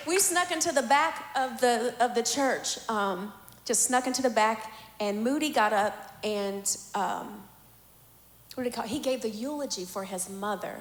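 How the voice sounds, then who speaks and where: A woman's voice: mid-range voice, moderate pace. A woman hosting a church panel, giving affirming responses and praising God as she leads the talk. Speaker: panel host. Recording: echoey hall with faint ambience.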